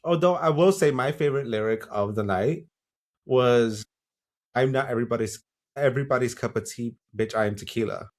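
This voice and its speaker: A man's voice: medium pitch, normal speed. A man co-hosting a podcast, chatting casually and frankly about a TV show. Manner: relaxed, agreeable, frank and salty. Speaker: podcast co-host. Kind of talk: casual chat reviewing a TV show.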